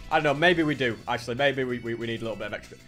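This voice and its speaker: A young man giving casual gameplay commentary, chatty and excitable, thinking aloud as he plays. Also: medium pitch, racing, faint music behind. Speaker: gaming channel host.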